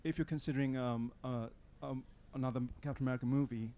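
A man's voice: medium pitch, fairly even intonation, fast talker, mellow. Man, audience question, polite and formal, hesitant. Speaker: audience member asking a question.

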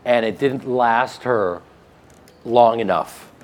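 A man's voice: mid-range voice, slow pace. Joking Midwestern American man. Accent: flat Midwestern American. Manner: joking, animated storytelling with laughs. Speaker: actor guest. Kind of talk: casual interview chat.

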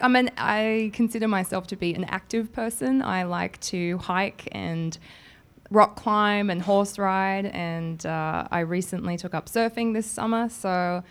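A woman's voice: mid-range voice, steady tone, unhurried, smooth. A woman, an actress from Australia, answering fan questions at a panel in a giggly, bashful, easygoing way.

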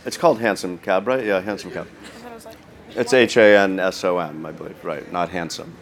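A man with a deep voice chats as a guest. He tells a story in a halting, self-deprecating way, full of restarts. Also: expressive, a crowd in the background. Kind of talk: casual chat.

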